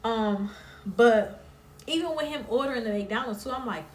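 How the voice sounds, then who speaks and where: A woman's voice: a little high, normal speed. Sassy woman recapping, roomy echo. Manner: chatty, blunt and sassy, swears freely. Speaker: recap vlogger. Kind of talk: casual reality-show recap. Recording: roomy echo, somewhat far from mic.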